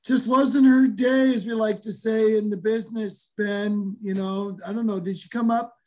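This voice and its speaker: A man with a noticeably high voice talks sports in a loose, rambling way. He keeps circling back with fillers and restarts, like casual chat among friends. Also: little pitch movement, normal speed, mellow. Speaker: sports analyst guest.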